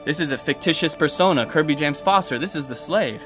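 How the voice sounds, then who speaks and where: A man's voice: a little high, animated, fairly quick, over music. A man outdoors ranting preachily on a live video from his phone, rambling and restarting words as he addresses viewers by name. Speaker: livestreamer. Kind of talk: impassioned live video rant.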